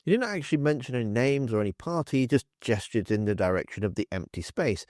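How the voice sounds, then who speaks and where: A man's voice: mid-range voice, expressive, fast, darkish tone, no echo, clean studio sound. A man hosting a political commentary channel, telling the story in a wry, sarcastic way.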